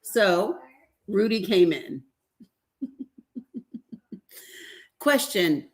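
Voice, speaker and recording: A woman's voice: a little high, a little slow. A woman hosting a casual livestream, reading a deposition aloud and reacting with laughter, asides to viewers and frank swearing. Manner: animated, laughing, swearing, talks to viewers as y'all. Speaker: livestream host.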